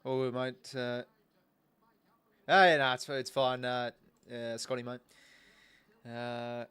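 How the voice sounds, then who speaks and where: Speaking slowly in a smooth, mid-range voice that's level in tone and slightly bright, a young Australian livestreamer hosts a football watch-along. He's chatty and easygoing, thanking viewers and restarting himself a lot.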